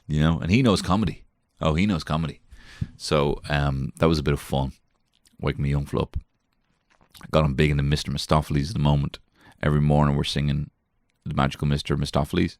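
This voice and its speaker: A man with a very deep, gravelly voice, recorded close and dry. He rambles through a comic story, swearing freely and laughing at himself. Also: fairly even intonation, brisk, no room sound. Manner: swearing, self-mocking, jumps between put-on voices. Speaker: comedian podcast host. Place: small garden shed.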